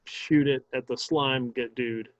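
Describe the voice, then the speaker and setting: A man playing in a tabletop game who speaks hesitantly and pauses often. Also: medium pitch, fairly even intonation, dry recording, highs cut off. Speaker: player. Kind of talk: casual tabletop game play.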